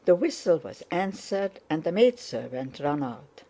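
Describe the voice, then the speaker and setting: A woman narrates a classic novel with a low, dark voice. Her reading is slow, steady and measured. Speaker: audiobook narrator. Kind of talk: scripted narration.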